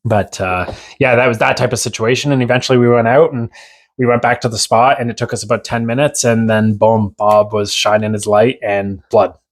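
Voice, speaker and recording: A man from Newfoundland, a podcast guest, telling a long story in a casual, animated and rambling way with many restarts. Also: medium pitch, fairly quick.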